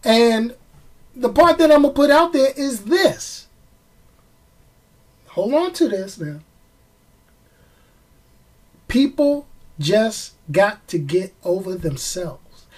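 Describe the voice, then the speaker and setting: A man with a New York accent talks straight to his audience in a loose, chatty vlog style. He hammers points by repeating them and breaks into laughs at his own slips. When he gets fired up, his voice leaps high before settling back down. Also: lively intonation, slow pace, long pauses. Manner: chatty, emphatic, repeats phrases for effect. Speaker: vlogger commenting on movies. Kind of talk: casual chat to camera.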